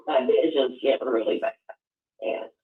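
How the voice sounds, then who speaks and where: A man calling in to a live talk show, speaking in a heartfelt, halting way. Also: mid-range voice, fairly even intonation. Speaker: caller. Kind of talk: call-in show chat. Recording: tinny phone line, echoey.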